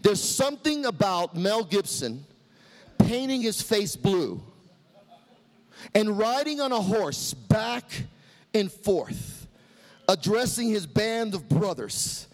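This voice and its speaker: A middle-aged man preaching a sermon, rousing and impassioned, shouting refrains and then easing into wry asides. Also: high-pitched, very animated, slow. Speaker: pastor.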